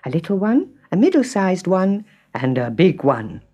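A woman narrating a children's story in a slow, expressive storyteller manner. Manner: slow, expressive, very lively pitch. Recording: music underneath. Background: instrumental music.

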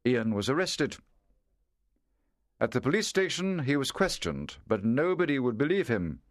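Male narrator, measured and clear, lively pitch, dry close recording. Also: dry recording. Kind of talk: scripted story narration.

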